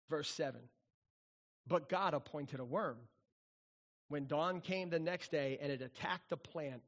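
A middle-aged man, a pastor, preaching a sermon in a playful, animated storytelling manner. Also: sits high.

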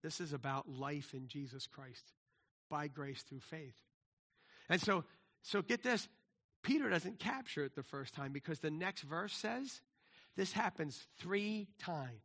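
A male pastor delivering a sermon in a high, bright voice. He is animated, voicing the people in the passage himself and restarting his sentences often. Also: a little slow. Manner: animated, acts out biblical dialogue, frequent restarts.

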